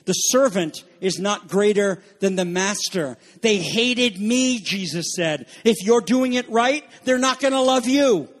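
A man preaching an urgent sermon, swinging between loud pressing warnings and low quiet passages, repeating phrases and asking his listeners questions. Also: unhurried, few pauses. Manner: repeats phrases for emphasis and asks the audience questions.

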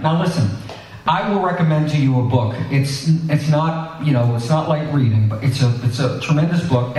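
A man's voice: on the high side, a little mellow, recorded from a distance, a little hiss or hum. A man preaching a sermon and reading scripture, talking conversationally with asides to his congregation. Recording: echoey hall, voice picked up from afar.

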